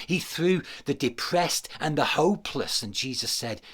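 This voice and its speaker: A man preaching to a camera in a mid-pitched voice. He repeats his key phrases and builds to loud, emphatic declarations. The delivery is that of a livestreamed sermon. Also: very animated, unhurried, slightly rough. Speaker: pastor. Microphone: speaking to a camera.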